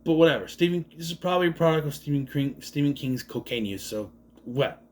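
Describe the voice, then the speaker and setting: Rambling sarcastic man with a lively voice. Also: fairly high pitch, fairly quick. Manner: rambling, sarcastic, swears, frequent restarts. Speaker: movie reviewer. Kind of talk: casual spoken movie review.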